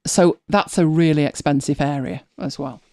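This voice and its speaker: A British woman hosts a live show, chatting casually and telling rambling stories full of restarts and self-corrections. Her voice is deep and dark in tone, at a normal speed.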